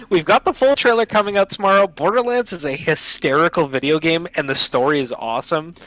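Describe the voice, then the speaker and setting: A young man with a fairly high, slightly bright voice hosts a casual podcast chat over an online call, talking fairly quickly. He's enthusiastic and slangy and keeps cutting himself off mid-sentence. The recording is dry and low in quality.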